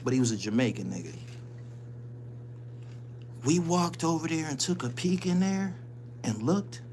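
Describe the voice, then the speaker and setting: A man's voice: fairly high pitch, expressive, unhurried, a little mellow, slight background noise. A man hosting his channel, telling a story in casual, profane street slang and laughing often as he goes. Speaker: channel host.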